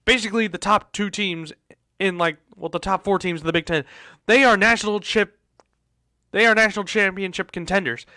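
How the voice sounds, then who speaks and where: A man's voice: sits high, a little fast, sharp tone, no echo. A man hosting a casual sports talk show, ranting in exasperation and repeating himself. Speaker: host.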